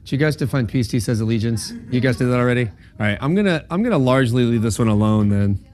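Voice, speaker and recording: A man's voice: medium pitch, animated, fast talker, darkish tone. A man giving an informal lecture at a campus talk, checking in with the room and acting out quoted speakers. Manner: conversational, checks in with "right?" and "okay?"; acts out quoted voices in dialogue.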